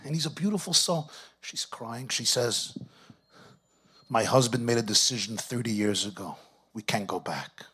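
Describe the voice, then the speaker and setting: A middle-aged rabbi speaks to a gathering in a husky voice. He tells his story with lively energy, dropping Yiddish and Hebrew phrases along the way. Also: medium pitch, normal speed. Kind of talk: storytelling talk to an audience.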